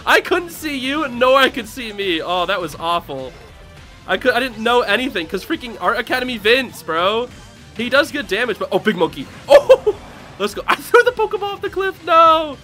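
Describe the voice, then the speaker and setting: A young man gives excitable, laughing commentary while playing a fighting game, with sudden loud outbursts. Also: very high voice, normal speed. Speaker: gaming channel host. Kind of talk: casual live game commentary. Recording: game music behind.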